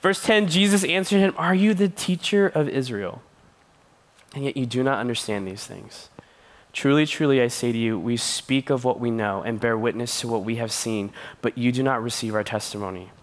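A man's voice: medium pitch, moderate pace. A man preaching as a youth pastor, telling stories with playful voices and laughter. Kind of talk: sermon.

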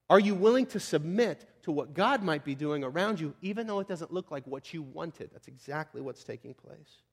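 A male pastor preaching a sermon, telling the story dramatically with chatty asides and sudden drops to a near whisper. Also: sits high. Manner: dramatic storytelling, swinging from hushed to shouting; conversational asides.

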